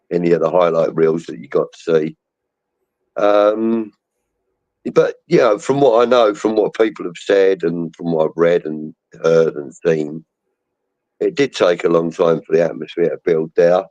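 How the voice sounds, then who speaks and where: Low voiced guy on a video call, dull lo-fi sound, rambling chatty stories. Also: mellow. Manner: rambling storyteller, acts out quoted voices. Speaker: podcast co-host. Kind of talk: casual chat. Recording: dull lo-fi stream audio.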